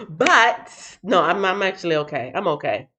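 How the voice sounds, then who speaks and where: A woman hosting a casual livestream, who sounds tired after a night shift. She reads out chat comments in an animated, playful way and breaks into sing-song bits. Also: on the low side, slow, slight background noise. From Texas. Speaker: livestream host.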